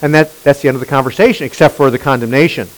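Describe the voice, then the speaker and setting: Talking very fast in a mid-range voice, a male pastor delivers an animated, emphatic sermon that constantly questions his listeners. The recording is rough.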